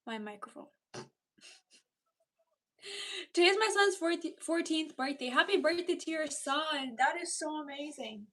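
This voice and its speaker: A woman's voice: high voice, a bit bright, distant mic. A woman in her thirties chatting casually on a livestream, reading viewer comments aloud and slipping into whispered asides, recorded on a device's built-in mic. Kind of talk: casual live-stream chat. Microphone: built-in device mic, not a dedicated microphone.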